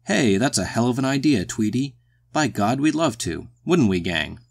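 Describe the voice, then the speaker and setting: A man voicing a brash, pushy, swearing man in an audiobook story, loud and coarse. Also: lowish voice, lively intonation, moderate pace, no echo.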